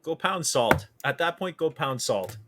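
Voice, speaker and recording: A man's voice: a little high, big pitch swings, measured pace, a bit bright, slight background noise. A man hosting a casual interview podcast, talking emphatically and repeating his points. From Canada. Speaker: podcast host.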